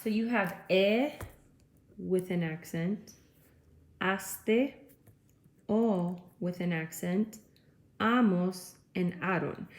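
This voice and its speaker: A woman teacher giving a classroom lecture, explaining step by step and checking in with frequent okays. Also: mid-range voice. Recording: echoey room, faint noise.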